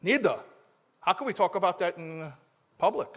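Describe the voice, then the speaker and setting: Animated rabbi, fairly high voice. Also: male voice, normal speed. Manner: animated, acts out dialogue, mumbles asides. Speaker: rabbi giving a talk. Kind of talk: storytelling sermon to a live audience.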